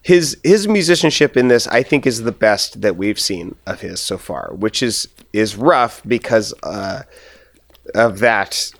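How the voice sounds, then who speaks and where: A man's voice: lowish voice, expressive, a little slow, no echo. A man co-hosting a podcast in casual chat, rambling and laughing often, his voice a little strained. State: slightly strained voice. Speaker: podcast co-host.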